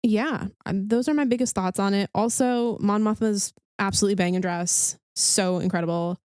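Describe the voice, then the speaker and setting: A woman's voice: mid-range voice, moderate pace, darkish tone, smooth, dry recording, studio quality. Bubbly enthusiastic woman podcast host. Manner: bubbly, enthusiastic, lots of fillers. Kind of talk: casual chat.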